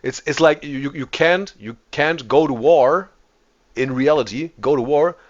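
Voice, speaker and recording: A man's voice: fairly high pitch, a little slow, highs cut off. A man hosting a reaction video, talking casually and often repeating and restarting words. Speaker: host.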